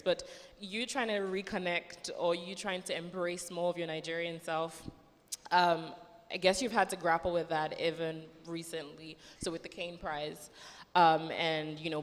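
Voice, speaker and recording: A woman leads a festival panel, posing questions in a chatty, searching way. Her voice is lowish but bright and forceful. A long hall reverb trails her words. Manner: conversational, searching questions with fillers. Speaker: moderator.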